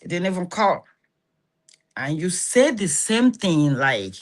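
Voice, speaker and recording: A woman with a Nigerian Yoruba accent talks to her live-stream audience in a slightly low voice. She speaks animatedly and acts out the people she quotes in lively back-and-forth. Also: slow. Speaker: host of a live stream on relationships and healing.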